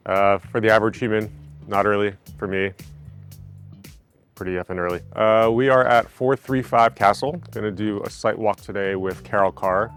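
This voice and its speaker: A man's voice: fairly low pitch, a bit bright. An enthusiastic man, a real estate agent, chatting casually to the camera on a building site. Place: on site at a house under construction.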